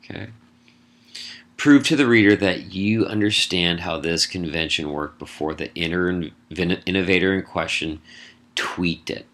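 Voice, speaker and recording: The voice of this middle-aged college English teacher sits low and sounds a bit bright. He goes over an essay assignment in a recorded lecture, keeping it casual, brisk in his lists, and sprinkled with wry asides.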